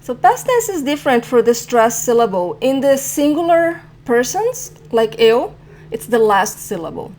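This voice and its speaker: A woman's voice: on the high side, sing-song, a little mellow, slight background noise. Woman teaching a language lesson. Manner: clear, patient explaining, repeats example phrases slowly.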